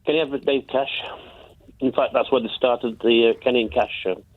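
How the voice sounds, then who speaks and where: A man's voice: medium pitch, steady tone, fairly quick. A man with a northern English accent calling in to a radio show, rambling and hesitant with many fillers. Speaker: caller. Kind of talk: phone-in call. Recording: tinny phone line.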